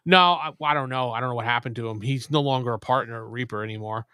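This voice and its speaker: A man's voice: mid-range voice, fairly even intonation, fast, sharp tone, smooth, no room sound. A man co-hosting a casual chat show, telling blunt, profane stories. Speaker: podcast co-host.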